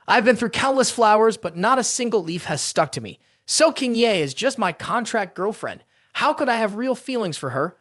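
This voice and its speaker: A narrator voicing an arrogant, quick-tempered rich young man who speaks in curt commands. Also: mid-range voice, lively intonation, fairly bright tone, no room sound, clean studio sound. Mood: brooding.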